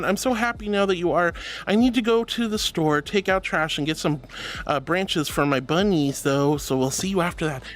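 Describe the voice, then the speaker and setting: A man's voice: high voice, sing-song, moderate pace, fairly bright tone, soft background music. A man streaming live, reading chat messages aloud in a playful, giggly, affectionate way.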